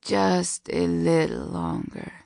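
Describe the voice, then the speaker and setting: A woman's voice: fairly low pitch, fairly even intonation, takes it slowly, creaky, no echo, studio quality, exaggerated voice. A woman voicing a sleepy, teasing young man on the phone. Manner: soft teasing warm voice.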